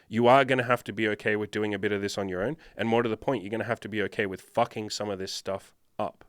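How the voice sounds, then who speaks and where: A man's voice: lowish voice, steady tone, quick pace, no room sound, clean studio sound. A man working as a dating coach, answering viewer questions in a blunt, profane, lecturing monologue.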